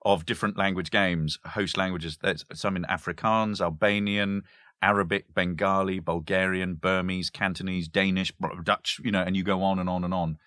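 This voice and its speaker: A man's voice: low-pitched, steady tone, normal speed, sharp tone, no room sound, clean studio sound. A man explaining language games in a casual chat, stopping to give examples and laughing often.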